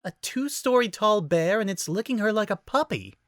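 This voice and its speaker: Narrator doing an earnest bookish young mage lady, higher voice, lively, dry close sound. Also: normal speed, no room sound, lightly acted.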